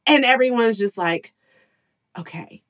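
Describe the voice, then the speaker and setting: A woman's voice: mid-range voice, lively intonation, normal speed. A woman in her thirties, a working mother, telling candid stories as an interview guest, laughing often and acting out her own past lines. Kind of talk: candid storytelling.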